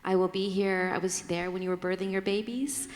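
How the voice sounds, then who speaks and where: A woman speaking as her gentle, loving inner wise woman in a soft, reassuring voice that drops toward a whisper. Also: high-pitched, expressive, measured pace, voice pushed up. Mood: tender, soothing. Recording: long reverb of a large hall.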